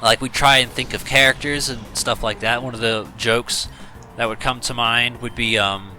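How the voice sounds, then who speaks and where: Casual let's-play host, male, very bright tone, loose rambling delivery, faint game music underneath. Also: mid-range voice, fairly even intonation, normal speed. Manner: rambling, storytelling, many fillers. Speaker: gaming YouTuber.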